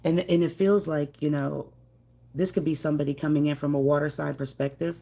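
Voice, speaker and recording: Low gravelly woman reading tarot. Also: steady tone, fairly quick, mellow. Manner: chatty, affectionate, greets viewers by name. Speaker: tarot reader. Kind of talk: casual live tarot reading.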